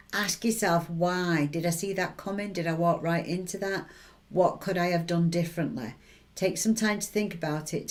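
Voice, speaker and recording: Encouraging woman, lowish voice. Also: a little mellow. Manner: chatty, encouraging, keeps checking in with tag questions. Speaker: intuitive reader and advice giver. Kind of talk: motivational advice talk to camera.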